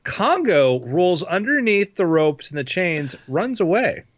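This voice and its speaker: A man running a tabletop game as game master, narrating with lively sound effects, on a dull lo-fi recording. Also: high-pitched, unhurried, no echo.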